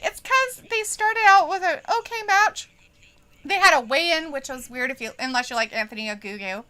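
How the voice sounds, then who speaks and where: A woman's voice: sits high, normal speed. A woman co-hosting a live stream, chatting casually and laughing as she watches wrestling and reads out viewer comments. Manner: giggly, animated, quotes chat viewers.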